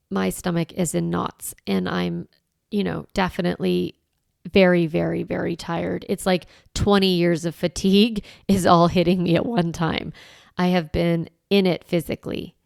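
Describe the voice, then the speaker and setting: A woman's voice: lowish voice, gravelly, a little mellow, no room sound, clean studio sound. A woman in her forties hosting a solo podcast, talking in an earnest, reflective way with light laughs. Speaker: podcast host.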